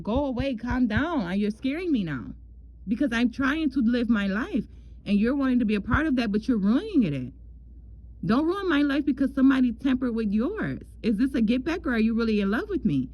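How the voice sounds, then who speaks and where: A woman delivers a casual, chatty astrology love reading as a tarot love reader, repeating herself and calling the listener "girl." Her voice is on the high side, and the recording has its highs cut off.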